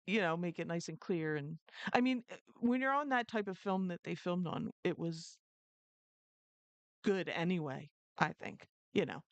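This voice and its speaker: A woman's voice: lowish voice, normal speed, dry recording, lo-fi sound. A woman co-hosting a live podcast, telling stories in casual chat and laughing often. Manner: chatty storyteller who laughs often. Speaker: podcast co-host.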